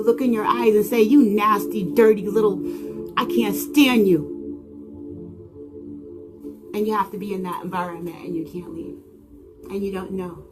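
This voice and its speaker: A woman giving a spiritual monologue, full of dramatic rhetorical questions and swinging between loud exclamations and hushed tones. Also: mid-range voice. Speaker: channel host. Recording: singing bowl music underneath. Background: singing bowl music.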